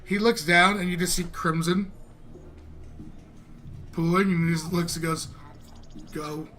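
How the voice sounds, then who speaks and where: A man narrating a tabletop game as game master, animated and often laughing as he describes the action. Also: sits high, unhurried.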